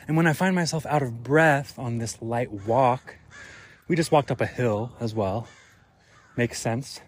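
A man's voice: mid-range voice, a little slow. A man hosting a podcast alone, recorded outdoors while on a walk. He muses and thinks aloud in a reflective monologue, full of fillers. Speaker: podcast host.

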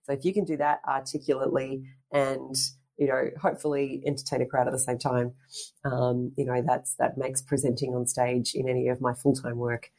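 A fitness instructor and presenter, appearing as a guest in a casual interview, speaks in a deep, warm woman's voice with little pitch movement at a fairly quick pace. She's a chatty storyteller who rambles, with frequent fillers and restarts.

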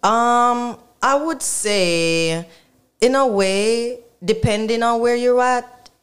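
A woman with a Jamaican accent, the guest artist, explaining things in a relaxed, casual interview. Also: fairly high pitch, takes it slowly, clear, resonant tone.

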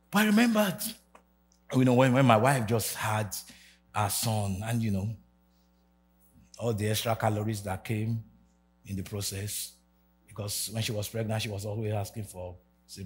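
A Nigerian man in his forties preaching a sermon, swinging from shouted rallying calls to low quiet asides. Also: a little hiss or hum. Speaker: pastor. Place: church hall with congregation.

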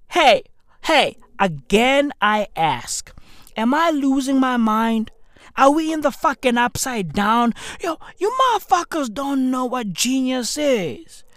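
Brief: exasperated female comic, high voice, mocking and swearing. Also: no echo, clean studio sound. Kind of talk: profane comedic rant.

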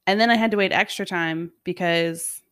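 A woman's voice: lowish voice, moderate pace, clean tone, no echo, clean studio sound. A woman chatting casually on a podcast, telling a story with lots of swearing and acted-out quotes. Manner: animated storytelling, swears freely, acts out quotes. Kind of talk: casual chat.

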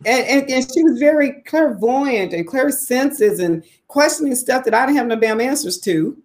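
Candid, expressive woman in her forties. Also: normal speed. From Southern United States. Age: 40s. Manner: candid and expressive, swears freely, voice climbs high for emphasis. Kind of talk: casual personal storytelling.

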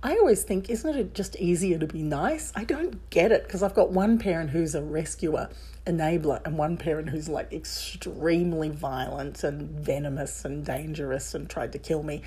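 Candid woman with a mellow, husky voice. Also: low-pitched, normal speed. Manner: candid, emphatic, rambling with restarts. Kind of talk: personal storytelling monologue.

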